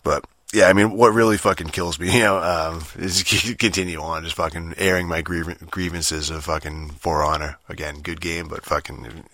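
A man's voice: sits low, fairly even intonation, moderate pace, few pauses, bright, forceful tone, no echo, studio quality. A young man rambling through a casual, profane gaming rant, full of fillers and restarts. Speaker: gamer vlogger.

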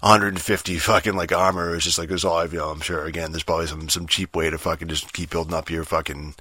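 A man's voice: deep voice, little pitch movement, fast talker, pushed and bright, no room sound. A young man rambling through a casual, profane gaming rant, full of fillers and restarts. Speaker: gamer vlogger.

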